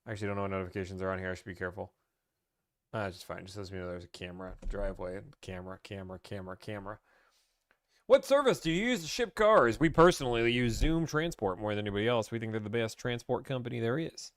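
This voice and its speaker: A man's voice: on the low side, expressive, fast, dry recording, clean studio sound. A man hosting a casual livestream, hyped and playful, talking straight to his live chat. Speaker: livestream host.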